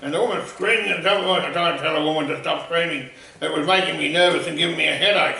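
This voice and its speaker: A man telling a comic anecdote in a rambling, animated way. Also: a little high, very fast, gravelly, slight background noise. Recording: echoey room, voice far from mic.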